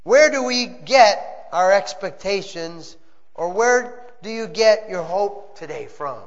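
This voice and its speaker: A man's voice: high voice, animated, slow pace. A man preaching a sermon, earnest and repetitive, punctuating his points with calls of amen. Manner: earnest preaching with call-and-response amens. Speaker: pastor. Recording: muffled sound with long reverb.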